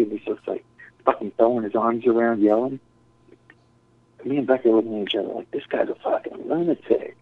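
A man casually telling a rambling story full of swearing and acted-out quotes. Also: medium pitch. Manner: profane, rambling, acts out quotes. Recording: tinny phone-like dry sound.

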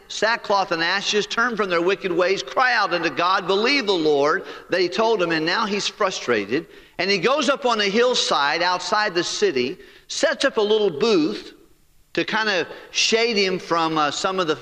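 A man's voice: high voice, sharp tone, in a large hall. A man preaching a sermon as pastor, with emphatic rising delivery and direct appeals to the listeners.

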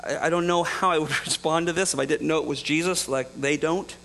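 Pastor, male, light high voice, chatty preaching with chuckles and acted-out dialogue, slight mains hum. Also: steady tone, a little fast, gravelly, fairly bright tone, poor audio. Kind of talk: sermon.

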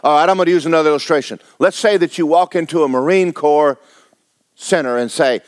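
A man's voice: fairly high pitch, quick pace, no echo. Man, pastor, blunt exhorting sermon, dry close sound. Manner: blunt, exhorting, rhetorical questions to the congregation.

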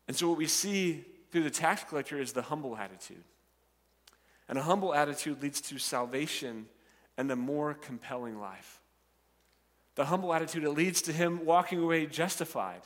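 A man preaching a sermon, animated and acting out the voices of the characters and the crowd. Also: a little high, moderate pace, long reverb tail. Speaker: pastor.

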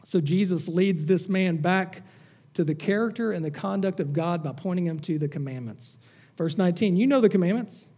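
A man, preaching a sermon as a pastor. He talks conversationally and teases the congregation, and goes soft and low for prayer. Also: moderate pace.

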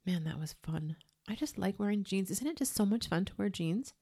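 A woman's voice: mid-range voice, animated, brisk, warm tone. A woman in her thirties co-hosting a podcast in casual, enthusiastic, teasing chat. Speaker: podcast co-host.

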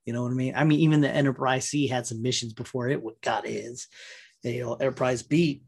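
A man in a rambling, profane, animated casual rant. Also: mid-range voice, brisk, creaky, breathy edge.

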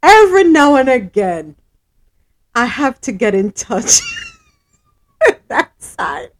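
A woman's voice: sits high, very animated, slow. A woman hosting a live radio show, chatting with laughter and reading news items aloud.

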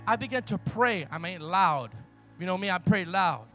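A man preaching a sermon, telling stories emphatically, swinging from loud to hushed. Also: high voice, animated, moderate pace, soft background music.

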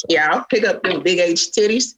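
A woman's voice: mid-range voice, fairly bright tone, husky. A young woman hosts a casual podcast chat, playful and teasing. She laughs often and keeps things loose and joking with her co-host.

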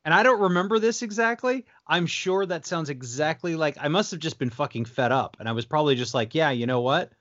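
A man's voice: fairly high pitch, fairly quick, few pauses, a bit bright, muffled recording. A man who works as a restaurant server, talking in casual chat with a dry, wry manner.

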